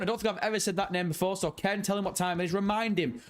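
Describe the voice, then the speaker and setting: A rowdy man with a slightly raised voice hosts a casual livestream, cracking jokes and swearing freely as he reads out viewers' names. Soft music plays faintly behind him. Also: high voice, fairly even intonation, fast. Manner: rowdy, jokey, swears a lot; greets chat members by name. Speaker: livestream host. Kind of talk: casual live stream chat.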